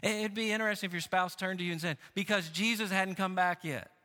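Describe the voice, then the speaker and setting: A middle-aged male pastor preaches briskly and with animation, swinging between raised, emphatic lines and quieter, lower asides. A long reverb tail follows his voice.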